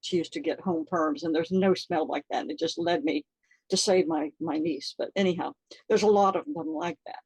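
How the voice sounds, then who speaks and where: An older woman telling a personal story in an interview, halting and earnest, with many fillers, close to tears. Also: on the low side, animated, vocal fry, darkish tone, husky, no echo, poor audio. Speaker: interview guest.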